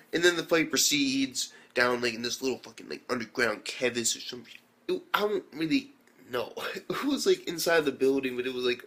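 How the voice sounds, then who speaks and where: A man with an ordinary, middle-pitched voice rambles through an anime review. He swears freely and slips into quick impressions of the characters as he retells the fight scenes. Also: fairly bright tone. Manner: rambling, profane, acts out characters' lines. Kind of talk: casual spoken review.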